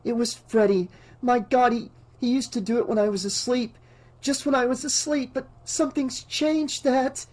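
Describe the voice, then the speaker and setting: A man reading an audiobook, voicing a frightened young woman who cries out and pleads in a high voice. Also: lively intonation, a little slow, hardly any pauses, warm tone. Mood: frantic.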